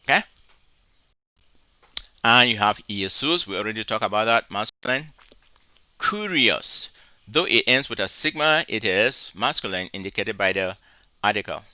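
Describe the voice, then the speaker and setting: Bright-voiced man teaching slowly. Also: on the low side, animated, dry recording. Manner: slow, deliberate, spells out syllables. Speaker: Greek teacher. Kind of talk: recorded lecture.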